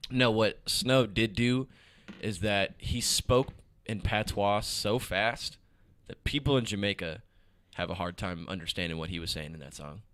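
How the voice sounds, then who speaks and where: A man's voice: on the low side, measured pace, fairly bright tone, dry recording. A man co-hosting a casual podcast chat, ranting heatedly and swearing freely. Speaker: podcast co-host.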